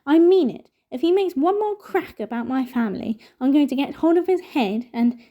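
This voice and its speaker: A woman reading aloud and voicing a blunt, excitable teenage schoolboy. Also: high voice, normal speed, voice pushed up. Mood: eager. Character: hot-headed teenage schoolboy.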